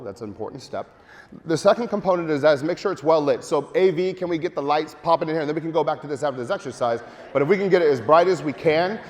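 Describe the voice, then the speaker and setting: A man giving a lively marketing seminar to a live audience, joking and urging the crowd to take part. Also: fairly high pitch. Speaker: speaker at a marketing event. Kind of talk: energetic live seminar talk. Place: large hall with audience. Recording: long hall reverb.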